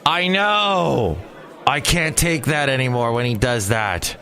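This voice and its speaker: A man's voice: medium pitch, animated, slow, bright, forceful tone, a faint crowd. Rambling joking man in his forties. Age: 40s. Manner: rambling, joking, wandering asides. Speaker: podcast host. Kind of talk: casual solo monologue. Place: small hot room.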